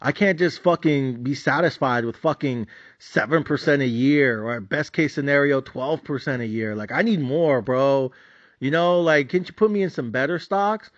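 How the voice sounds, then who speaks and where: A man's voice: medium pitch, moderate pace, no echo, lo-fi sound. A man hosting a podcast, telling a story in a casual, profane, fired-up way with lots of slang. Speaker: podcast host. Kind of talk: casual monologue.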